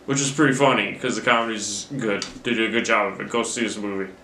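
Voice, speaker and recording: A man's voice: lowish voice, fairly even intonation, fast talker, pushed and bright, slight background noise. A young man giving a rambling, profane and self-mocking recap of a movie he just saw, talking into his camera at home. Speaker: movie reviewer. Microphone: camera mic. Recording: roomy camera-mic recording.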